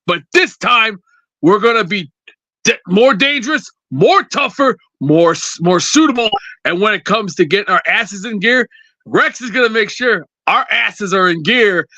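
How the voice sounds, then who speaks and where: A man's voice: high-pitched, lively intonation, measured pace, pushed and bright, dry recording, muffled recording. A man calling in to a sports show, ranting angrily and swearing as he rambles. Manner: angry, profane, rambling. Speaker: caller. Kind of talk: fired-up fan rant.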